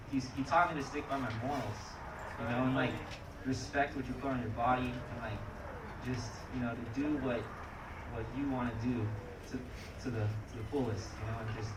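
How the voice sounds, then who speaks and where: A man's voice: medium pitch, steady tone, normal speed. A man telling casual stories at a memorial, loose and full of fillers. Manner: loose storytelling with lots of fillers. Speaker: speaker at a memorial. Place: outdoor skatepark crowd gathering. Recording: distant echoey mic with loud crowd noise.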